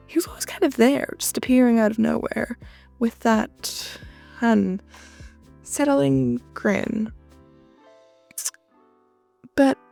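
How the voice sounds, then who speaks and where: A woman's voice: on the high side, vocal fry, darkish tone. A woman narrating a fan fiction audio story and acting out each of the characters. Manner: reads narration and acts out every character.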